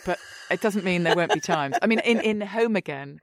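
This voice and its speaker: A woman's voice: on the low side, a little fast, slight background noise. A woman, an actress chatting in an interview and acting out little quotes. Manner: chatty, animated, acts out quotes. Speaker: actress guest. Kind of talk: casual interview.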